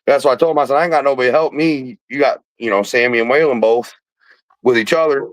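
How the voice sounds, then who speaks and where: A man's voice: mid-range voice, fast, no echo, rough recording. A man hosting a podcast, telling a rambling, profane hunting story with laughs, in a casual chat. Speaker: podcast host.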